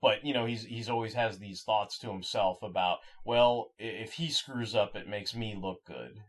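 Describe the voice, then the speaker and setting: A man co-hosting a podcast in casual chat, halting with many restarts and fillers. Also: on the low side. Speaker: podcast co-host.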